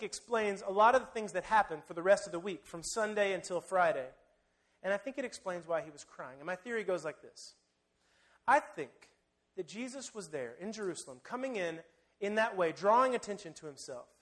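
A man preaching a sermon, telling the story vividly and swinging between loud emphasis and hushed, quiet lines. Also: high-pitched. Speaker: pastor.

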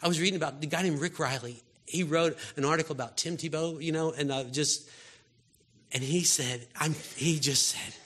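Male preacher, husky and forceful, fervent sermon, from quiet murmurs to loud pleas. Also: on the high side, moderate pace. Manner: impassioned, swings from hushed to loud exhortation.

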